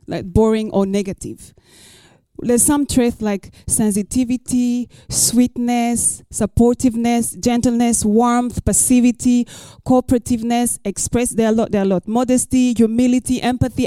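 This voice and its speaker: A woman's voice: a little high, dark tone, dry recording, studio quality. A woman pastor preaching a sermon, emphatic and repeating her key lines for the listeners.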